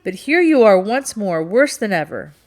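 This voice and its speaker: A woman's voice: on the low side, unhurried, gravelly, darkish tone. A woman reading the part of a guarded male sea captain who is blunt and easily exasperated in an audiobook.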